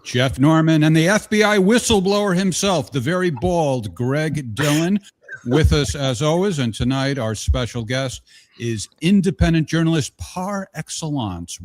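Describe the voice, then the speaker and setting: A man's voice: on the high side, no room sound. Man, podcast host, teasing banter, dry close sound. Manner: playful, teasing. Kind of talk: energetic show introduction.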